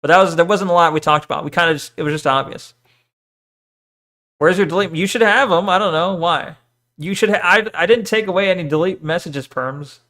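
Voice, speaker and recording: A man's voice: high voice, brisk, sharp tone. A man streaming and chatting casually, reading chat, swearing often and rambling between topics.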